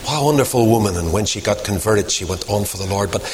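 A man preaching a sermon, swinging from loud emphasis to hushed whispers. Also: on the low side, animated, fast, a little hiss or hum.

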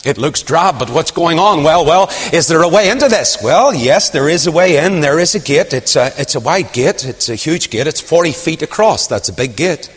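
A man preaching a dramatic sermon, swinging from loud rising questions to hushed near-whispers. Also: a little high, animated, moderate pace, few pauses, husky. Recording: long hall reverb.

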